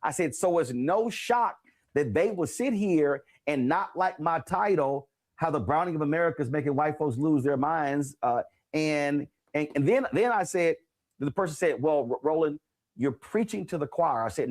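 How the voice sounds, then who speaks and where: A man hosting a talk show and interviewing an author, telling stories with lively repetition for emphasis. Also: a little high, moderate pace. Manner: animated storyteller, repeats phrases for emphasis.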